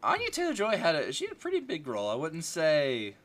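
A man's voice: a little high, wildly swooping pitch, quick pace, a crowd in the background. A young man chatting casually about a movie, rambling with lots of fillers and restarts.

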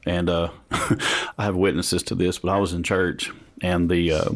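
Deep-voiced man hosting from a home room. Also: measured pace. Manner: animated storytelling with laughs and self-mockery. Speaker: podcast host. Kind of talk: casual chat. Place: home room with big windows, not soundproofed. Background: passing traffic and children audible.

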